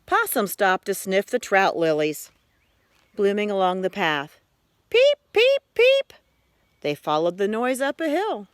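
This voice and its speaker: Slow, expressive woman reading a children's story. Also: mid-range voice, clean tone, no echo. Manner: expressive, unhurried. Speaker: reader. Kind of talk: children's story read-aloud.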